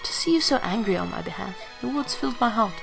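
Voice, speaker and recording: Brief: gentle noble princess with a British accent, soft and formal, voiced by a woman. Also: medium pitch, expressive, fast talker, creaky, music in the background. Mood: earnest.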